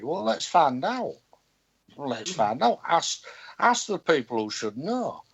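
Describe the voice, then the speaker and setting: A blunt, outspoken man with a Yorkshire accent from Hull, talking in a loose casual chat. His voice sits fairly high and swings widely in pitch, rising and dropping as he makes his points. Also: big pitch swings, slow pace, gravelly, slightly rough, lo-fi sound. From Hull, England. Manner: blunt, outspoken, swearing freely.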